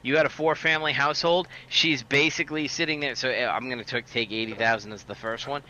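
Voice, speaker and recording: Brief: sharp-voiced male podcast host, profane storyteller, faint hiss behind. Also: medium pitch, fairly even intonation, fast talker, muffled recording. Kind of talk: casual podcast chat.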